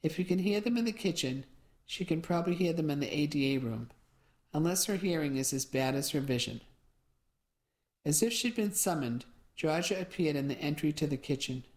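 A woman with a notably low voice reads a cozy mystery in the first person. Her reading is steady and measured. The narration is calm and clear. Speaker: audiobook narrator.

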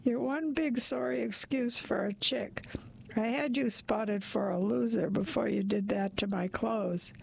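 Woman reader as a rude giant of a man, gruff and insulting, slow and gravelly. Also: on the high side, a little mellow, dry recording, heavily acted. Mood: scornful. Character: huge surly red-bearded man, rude.

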